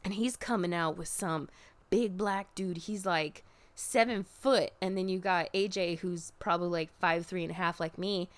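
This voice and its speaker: A woman recapping a show in casual chat, animated and expressive, swearing freely and jumping up in pitch when excited. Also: moderate pace. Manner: jumps high in pitch when excited, drops low for asides.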